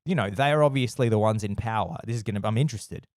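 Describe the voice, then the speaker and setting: Podcast co-host, male, animated storyteller who swears a lot, dry close sound. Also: on the low side, quick pace, no echo. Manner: animated storytelling, puts on voices for characters, swears freely. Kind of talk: casual chat.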